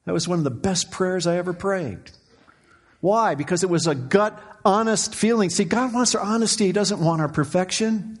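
A middle-aged man preaching a sermon as pastor, swinging from quiet, low passages to fervent, raised cries. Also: normal speed.

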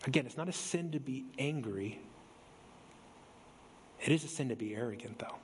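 A male pastor preaching a sermon in a church, speeding up and slowing down for emphasis and rising sharply on key words. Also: medium pitch, animated, a little hiss or hum. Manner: preaching with sweeping shifts of pace and emphasis. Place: church sanctuary.

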